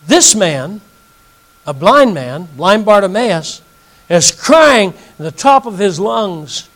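Animated high-voiced male preacher. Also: takes it slowly, rough recording. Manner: animated, reads scripture aloud and questions the audience. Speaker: pastor. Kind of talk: evening Bible teaching.

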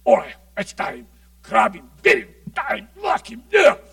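A preacher shouting as a gang of rough angry villagers. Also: male voice, sits high, huge pitch swings, measured pace, distant mic, exaggerated voice. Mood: rough, bossy. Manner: shouted, forceful orders. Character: rough angry villagers ganging up to restrain a wild man.

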